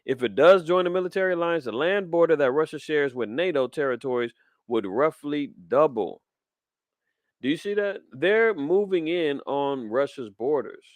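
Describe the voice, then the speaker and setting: A man's voice: on the high side, animated, moderate pace, no echo. A man, preaching fiery commentary on the news in street slang. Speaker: podcast host.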